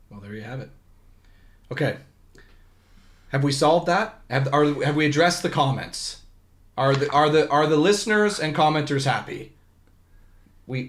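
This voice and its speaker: A man's voice: mid-range voice, expressive, normal speed, pauses often. A man hosting a volleyball talk podcast in casual chat, joking and rambling with frequent restarts. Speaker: podcast host.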